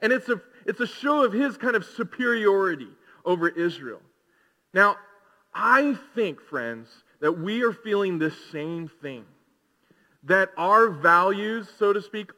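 A man's voice: sits high, bright, forceful tone. Man preaching in an echoing hall. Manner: conversational preaching, rhetorical questions. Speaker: pastor. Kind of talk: sermon. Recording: long hall reverb.

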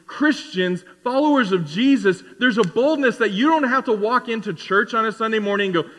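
A man in his forties preaching a sermon in a conversational, animated way, acting out little asides. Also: high-pitched, fairly quick, hardly any pauses, big-room sound. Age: 40s. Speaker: pastor. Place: church sanctuary.

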